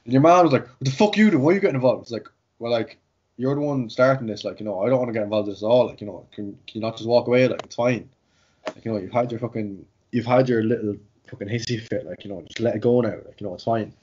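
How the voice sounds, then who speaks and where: Fast-talking Irish man telling stories. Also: on the low side, steady tone, darkish tone. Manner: rambling, sweary, filled with "like". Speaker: jiu-jitsu instructor. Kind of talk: casual podcast storytelling. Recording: dull lo-fi audio.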